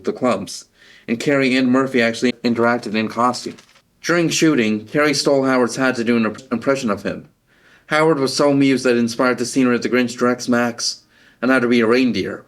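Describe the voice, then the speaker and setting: A man with a mid-pitched voice runs through film trivia for a review show. His delivery is steady and matter-of-fact, with the odd stumble over a word. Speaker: film reviewer presenting a segment. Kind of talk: reading trivia, then giving casual opinions.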